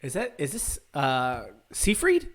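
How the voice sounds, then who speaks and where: A man's voice: a little high, takes it slowly. A man co-hosting a podcast, guessing answers, exclaiming and laughing in casual chat. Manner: animated, exclaims and laughs, asks for hints. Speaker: podcast co-host guessing singers. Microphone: headphones and microphone.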